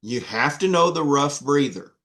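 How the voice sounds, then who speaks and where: A man's voice: mid-range voice, animated, normal speed, fairly bright tone. A man teaching an online Greek class, patient and repeating himself with many fillers. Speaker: Greek instructor.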